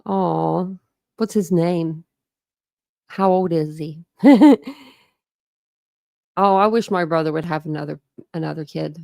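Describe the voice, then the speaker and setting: A woman's voice: low voice, slow pace, creaky, long pauses, darkish tone, dry recording, clean studio sound. A woman hosting a casual true crime livestream, chatting, greeting viewers and laughing often from her home. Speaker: true crime channel host.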